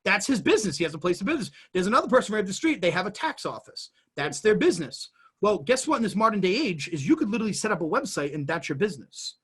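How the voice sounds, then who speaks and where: Brief: male guest, husky tone, lively casual explainer. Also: high voice, fast. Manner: animated, jumps between everyday examples. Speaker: guest entrepreneur explaining business.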